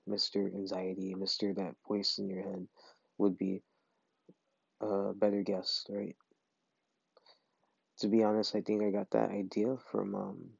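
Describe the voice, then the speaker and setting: Male podcast host, husky and gravelly, chatting hesitantly from bed; dry, muffled sound. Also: fairly low pitch, darkish tone, no room sound. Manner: rambling, hesitant, many fillers. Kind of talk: casual solo podcast. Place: bedroom, in bed.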